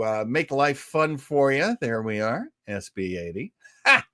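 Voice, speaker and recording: A man's voice: medium pitch, lively intonation, measured pace, fairly bright tone, no echo. A man hosting a casual live stream, rambling and self-mocking with many fillers. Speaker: show host.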